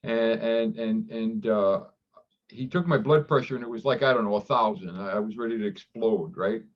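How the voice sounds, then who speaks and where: Male interview guest, doctor, reflective and halting, dull lo-fi audio. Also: fairly low pitch. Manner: reflective, halting with many restarts; acts out quoted dialogue with livelier voice. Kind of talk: candid interview conversation.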